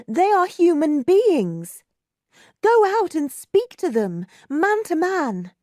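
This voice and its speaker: A woman voicing a brave, passionate young woman with a high, urgent, pleading voice. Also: big pitch swings, slow pace, a little mellow, no echo, studio quality, heavily acted.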